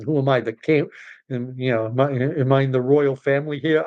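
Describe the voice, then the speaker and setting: A middle-aged man from Canada talks through his livestream in a loose, rambling way. His voice sits in a middle pitch, and he sounds contrarian and scornful when he pushes back on ideas. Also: fairly even intonation, fairly quick, highs cut off. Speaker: livestream host. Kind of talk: casual livestream commentary.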